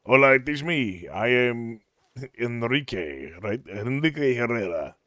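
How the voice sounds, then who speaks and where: A man voicing a smooth grown man who speaks in an affected foreign accent, slow and over-polite. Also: medium pitch, expressive, a bit bright, dry recording, clean studio sound, voice pushed down. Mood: suave.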